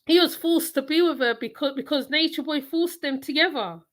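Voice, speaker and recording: A woman hosts a casual reaction commentary, talking back bluntly at the clip and circling back over the same points. Her voice sits high and comes across bright and sharp. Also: brisk. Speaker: channel host reacting to clips.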